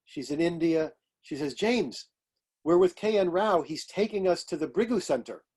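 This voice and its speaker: An older man, an astrologer and author, telling lively stories in an interview and acting out the voices of people he quotes. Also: fairly high pitch, moderate pace, husky. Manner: animated anecdotes, acting out quoted voices, laughing. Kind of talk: storytelling interview.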